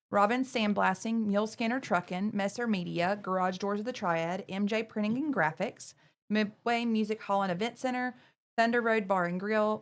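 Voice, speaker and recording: Woman co-host reading a sponsor list. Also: mid-range voice. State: out of breath after the list.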